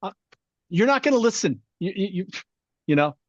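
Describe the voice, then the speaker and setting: Animated man telling stories, dull dry sound. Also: high-pitched, normal speed, no echo. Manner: animated storyteller, swears freely, acts out quotes. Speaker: podcast co-host. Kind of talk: casual chat.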